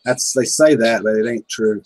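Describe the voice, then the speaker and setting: A man's voice: lowish voice, normal speed, a little mellow, poor audio. A man from Kentucky, hosting a casual livestream chat and telling folksy stories. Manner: folksy storyteller, chuckling often. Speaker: livestream host.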